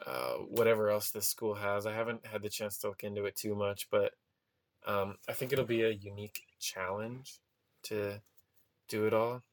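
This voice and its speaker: A man in casual podcast chat, relaxed and wry, leaning on "um" and "like" as he talks. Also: on the low side, normal speed, a little hiss or hum. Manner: relaxed, full of fillers like "um" and "like", wry. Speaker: podcast co-host, new teacher.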